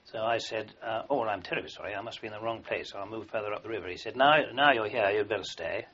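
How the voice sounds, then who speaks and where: Older man, bright tense voice, dull recording. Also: lowish voice, fast talker. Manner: rambling anecdotal storytelling with many fillers and restarts. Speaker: interviewee, army veteran. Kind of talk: oral history recollection.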